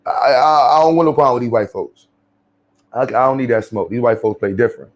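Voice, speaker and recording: A man's voice: medium pitch, a little fast. A man with a New York accent giving blunt, profane, slangy commentary as a vlogger.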